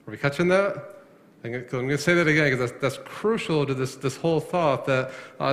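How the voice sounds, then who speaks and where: A pastor preaching a sermon, asking his congregation questions and rising sharply in pitch to stress a point. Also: brisk. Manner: asks the congregation questions, rises sharply on emphasis. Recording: long reverb of a hall.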